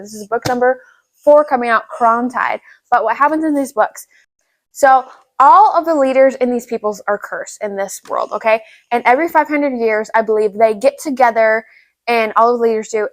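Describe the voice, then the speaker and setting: Young woman book vlogger gushing, lots of likes, kinda high voice. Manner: gushing, filler-heavy with lots of "like" and "right?". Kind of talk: casual chat.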